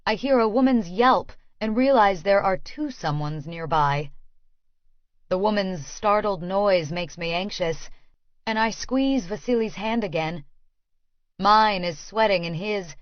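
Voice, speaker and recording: A woman narrating an audiobook in the first person, in a slow, hushed, measured voice. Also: mid-range voice, no echo, muffled recording.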